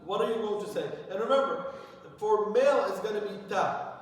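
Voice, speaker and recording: A man's voice: sits high, brisk. A man teaching a classroom lesson, explaining patiently and often checking with "right?". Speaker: Arabic teacher. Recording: echoey room from far off.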